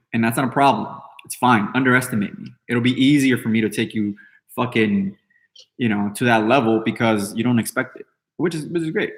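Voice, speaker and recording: Brash swearing man in his thirties. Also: mid-range voice. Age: 30s. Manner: brash, heavy swearing, rambling with fillers. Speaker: podcast host. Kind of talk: casual live-stream talk, answering chat.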